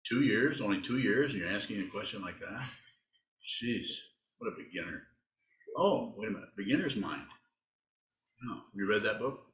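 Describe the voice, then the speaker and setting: A man's voice: fairly low pitch, animated, normal speed, long pauses, fairly bright tone, reverberant, low-quality recording. A man giving a casual, rambling dharma talk as a Buddhist teacher, teasing and answering his students' questions.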